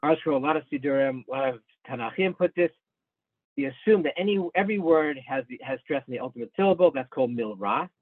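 A man's voice: medium pitch, lively intonation, fast talker, dry recording. Man teaching over a tinny phone-like line. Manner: patient explaining, many restarts, addresses students by name. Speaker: class teacher. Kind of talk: online study class, explaining Hebrew texts. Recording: narrow phone-like sound, dry.

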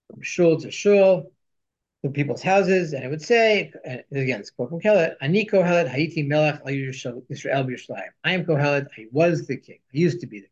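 Male teacher, reads passages in the original and translates line by line; slightly muffled recording. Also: mid-range voice. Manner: reads Hebrew and Aramaic quotes, translating each line. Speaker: Torah teacher. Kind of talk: text study lesson.

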